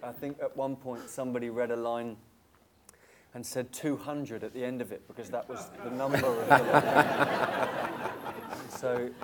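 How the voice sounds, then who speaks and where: A man's voice: medium pitch, steady tone, moderate pace, very noisy. A man, an actor, telling an anecdote on a stage panel in a dry, understated way.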